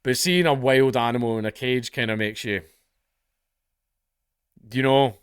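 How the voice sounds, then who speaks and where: A man's voice: medium pitch, steady tone, measured pace, smooth, no room sound, clean studio sound. A Scottish man hosting comedic news commentary, blunt, profane and exasperated. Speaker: online commentary host.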